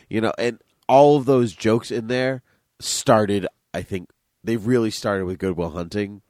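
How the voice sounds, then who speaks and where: A man's voice: lowish voice, a little slow, a little mellow, dry recording, clean studio sound. A man from Massachusetts, co-hosting a casual movie podcast, chatty and rambling. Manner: chatty, rambling, easily laughing. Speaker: podcast co-host.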